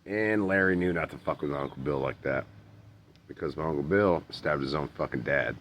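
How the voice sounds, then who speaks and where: Very deep, gravelly man telling stories. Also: brisk, fairly bright tone, slight background noise. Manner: rambling and profane, many fillers and restarts. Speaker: storyteller vlogger. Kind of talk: casual personal storytelling.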